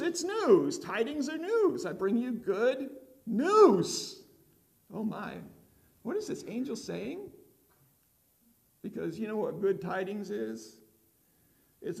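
A man's voice: sits high, creaky, darkish tone. An older man preaching a conversational sermon as pastor, often asking the congregation questions.

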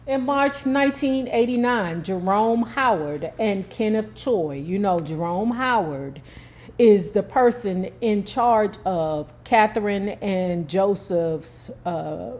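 A woman's voice: mid-range voice, takes it slowly, a little mellow. Woman narrating a story with casual asides. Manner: casual, emphatic commentary between readings.

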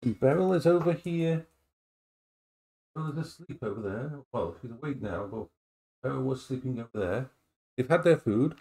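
Recorded on a tablet serving as an action cam, this middle-aged vlogger talks at home in a rambling, playful way and coos to his dogs. His mid-range voice is mellow, with lively intonation, a moderate pace, and long pauses.

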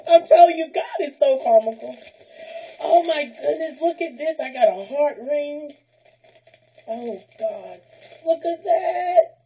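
A woman's voice: high-pitched, dark tone, poor audio. A woman, opening gifts on a vlog, gushing and squealing and close to tears, calling out praise to God. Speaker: vlogger opening a gift package. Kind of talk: unboxing vlog, emotional chat.

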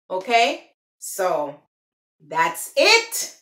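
Jamaican woman vlogger, bright echoey voice. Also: on the high side, animated, a little hiss or hum. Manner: switches between patois and careful slow English; chatty, repeats each phrase twice. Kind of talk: casual teaching vlog.

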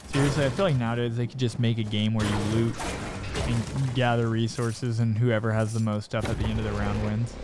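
A man hosting a gaming video, commentating his play, yelping and repeating words in fast bursts when in danger and chatting to himself and the viewer while looting. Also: medium pitch, little pitch movement, very noisy. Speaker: gaming channel host. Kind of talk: excited gameplay commentary.

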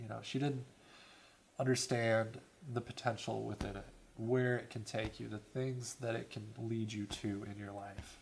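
A man's voice: mid-range voice, creaky, darkish tone, slight background noise. A young man in an interview, talking earnestly about an old friend and filling his speech with "you know". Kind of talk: reflective documentary interview.

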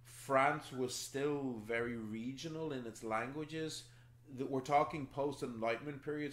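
A man's voice: mid-range voice, a bit bright, a little hiss or hum. Man explaining as game master, echoey room. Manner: explanatory and chatty. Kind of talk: running a tabletop game.

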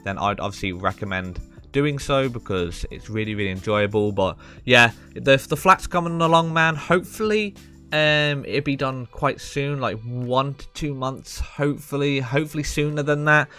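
A young man chatting casually as he comments on his game loot. He talks excitably and fills his speech with ums and "man.". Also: medium pitch, moderate pace, soft background music. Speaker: gaming video creator.

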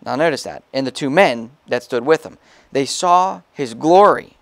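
A male pastor preaching a sermon in a relaxed, talkative way, stopping to read scripture aloud and adding quick asides. His voice sits at a middle pitch. The recording is dry and close, with little room sound. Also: no room sound. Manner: casual preaching, reads scripture aloud, frequent "okay?" asides. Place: church.

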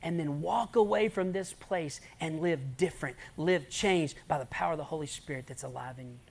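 A man preaching a sermon as a pastor, telling stories with dramatic pauses and swinging between loud emphasis and hushed near-whispers. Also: fairly high pitch, creaky.

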